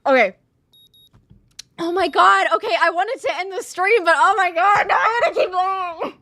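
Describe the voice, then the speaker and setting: A woman's voice: extremely high pitch, normal speed, bright, forceful tone, no echo. A woman streamer chatting casually over a game, gushing with squealing exclamations and rambling, self-correcting sentences.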